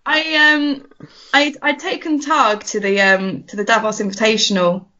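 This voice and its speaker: A woman's voice: a little high, steady tone, moderate pace, pushed and bright. A woman, a podcast guest chatting casually, laughing often and restarting her sentences. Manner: giggly, stammering restarts. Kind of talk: casual chat. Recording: dull lo-fi audio.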